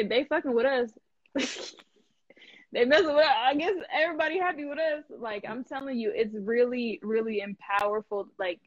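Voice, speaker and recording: A woman hosting a live stream in casual chat, animated and emphatic, laughing often and full of slang. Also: mid-range voice, no echo, dull audio. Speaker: host.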